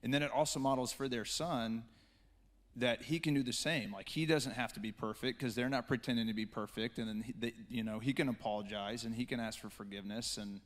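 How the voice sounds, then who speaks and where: An earnest man talks through a church panel discussion. His voice sits at an ordinary middle pitch, and he rambles with frequent restarts and fillers. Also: fairly even intonation, a little fast. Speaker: church speaker.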